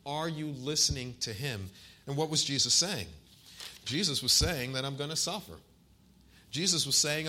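A man in his forties delivers a sermon in a bright, forceful voice. He puts questions straight to his listeners and slows down to lean on key phrases and scripture quotes. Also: a little high. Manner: asks the congregation questions directly. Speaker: pastor.

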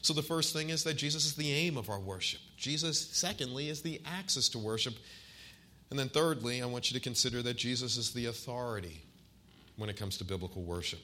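A man in his forties preaching a sermon, asking his listeners questions and slowing down to stress key phrases and scripture. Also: mid-range voice, pushed and bright. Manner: asks the congregation questions directly. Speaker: pastor.

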